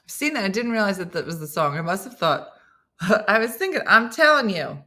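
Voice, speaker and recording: A woman's voice: medium pitch, a little fast. A middle-aged woman hosting a casual morning show, joking with viewers while she cooks. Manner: animated, jokey, talks to viewers while cooking. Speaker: host.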